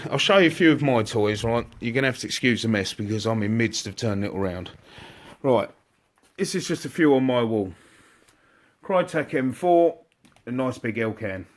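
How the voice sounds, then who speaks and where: An excitable man talking straight to his online viewers from inside his shop. His voice sits at an ordinary middle pitch, and he chats in a loose, jokey way, greeting people and wandering between asides. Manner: chatty, excitable, jokey, addresses viewers directly. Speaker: airsoft shop owner. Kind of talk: casual live stream chat.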